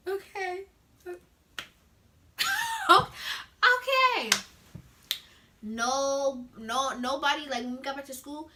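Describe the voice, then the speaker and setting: A teenage girl telling a story in a casual, animated way, acting out the scenes with sound effects. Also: a little high. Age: teens. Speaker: vlogger.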